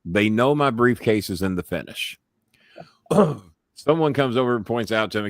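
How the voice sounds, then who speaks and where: A man hosts a loose chat show, telling rough, cursing stories with a lively, rising and falling delivery. His voice sounds close and dry, with no room around it. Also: fairly low pitch, normal speed, pauses often, dry recording. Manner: profane, animated storyteller. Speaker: show host. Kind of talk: casual storytelling chat.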